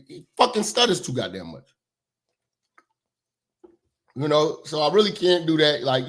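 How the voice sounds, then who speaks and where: A man with a fairly high, fairly bright voice hosts his own commentary show, offering casual opinions. He talks bluntly and profanely, rambling along with lots of fillers.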